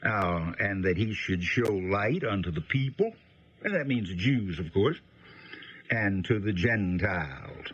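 Male Bible teacher, low husky voice, folksy and unhurried, dull lo-fi radio sound. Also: expressive, fairly bright tone. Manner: folksy, unhurried, frequent filler pauses.

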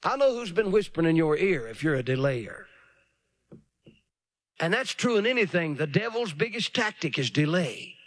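A man's voice: a little high, sing-song, normal speed, dry recording. A man preaching a dramatic sermon, often mocking others in put-on voices.

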